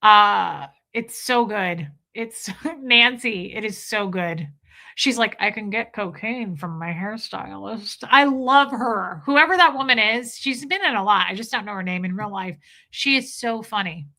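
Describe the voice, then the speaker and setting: A woman livestreams, casually chatting with her viewers, reading out their comments and gushing over films she loves, quoting lines from them. Her voice is fairly high, expressive, bright and forceful, and she talks a little slowly. Her manner is gushing and exclamatory.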